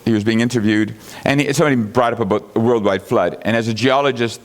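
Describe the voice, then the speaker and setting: A man teaching a congregation in an animated, conversational way. He keeps asking rhetorical questions and chuckles at his own asides. When he quotes other people, he lifts his voice to act them out. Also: mid-range voice, fast. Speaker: Bible teacher.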